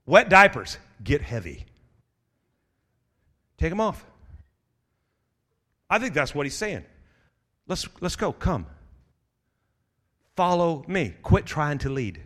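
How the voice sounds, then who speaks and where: A middle-aged male pastor delivering a sermon, urging his listeners on and swelling into shouted exhortation. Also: on the high side, sing-song, slow, pauses often. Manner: urgent, rising to shouts of exhortation.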